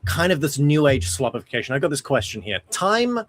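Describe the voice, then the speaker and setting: A man's voice: mid-range voice, very animated, a little fast, slight background noise. A man hosting a casual stream who reads out chat questions, swears, and laughs easily. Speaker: stream host.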